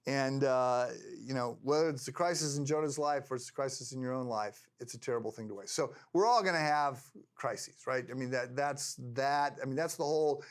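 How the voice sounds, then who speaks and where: An older man teaching a Bible lesson in a conversational, halting way, with frequent restarts. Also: medium pitch. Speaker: pastor.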